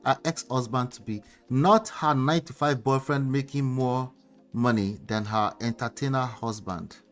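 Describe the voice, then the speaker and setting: A man hosts a commentary show, reacting to celebrity clips with animated, incredulous questions and reading out comments from the chat. His voice is medium-pitched at a normal speed, with soft music in the background.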